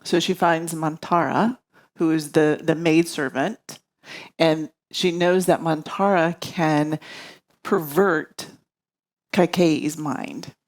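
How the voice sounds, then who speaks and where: Slow, reflective woman teaching scripture. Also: sits low, fairly even intonation. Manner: reflective, searching for words. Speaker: yoga teacher. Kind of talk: spiritual study lesson.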